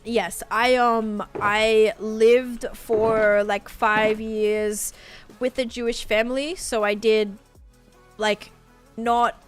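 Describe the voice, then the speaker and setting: A woman's voice: a little high, flat delivery, very slow, soft background music. A young woman from New York, chatting and rambling casually to viewers while streaming a game. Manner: rambling, chatty, thinking aloud. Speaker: gaming streamer. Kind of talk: casual livestream chat while playing.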